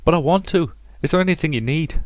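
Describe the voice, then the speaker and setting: A man voicing a gentle, earnest enslaved mother who speaks softly. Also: a little high, fast, no echo, pitched above the performer's own voice, close to an everyday voice. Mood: grateful.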